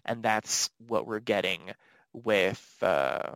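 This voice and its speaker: A man's voice: on the low side, lively intonation, slow, a bit bright, dry recording, low-quality recording. Speculative man, dry close voice. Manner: thoughtful, speculative, hedging. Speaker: podcast co-host. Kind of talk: casual chat.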